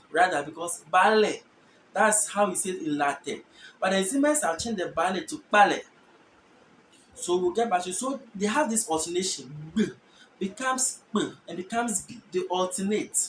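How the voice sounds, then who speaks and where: A host from Ghana giving an explanatory language lesson, thinking aloud and slowly repeating each word. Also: mid-range voice. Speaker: channel host teaching languages. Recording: echoey room with faint background noise.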